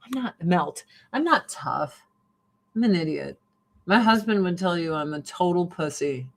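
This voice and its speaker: A woman's voice: fairly low pitch, lively intonation, a little slow. A blunt, chatty woman of middle age talks casually while getting ready on camera. She swears freely and jumps from topic to topic in a loose, unscripted way. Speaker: vlogger. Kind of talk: casual get-ready-with-me livestream chat.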